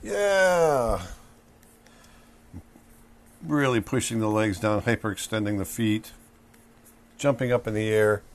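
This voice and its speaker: A man's voice: on the low side, moderate pace. A middle-aged man giving a casual drawing lesson as he sketches, now and then acting out the emotions he draws. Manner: relaxed, acts out emotions in bursts while drawing. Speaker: drawing instructor.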